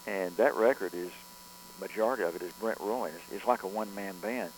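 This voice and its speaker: A male record producer speaking in a somewhat low voice, telling long studio anecdotes. He rambles, circles back and restarts his sentences often, with a faint hum under the recording. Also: a little fast, low-quality recording. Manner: rambling, with frequent restarts and fillers. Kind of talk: conversational storytelling interview.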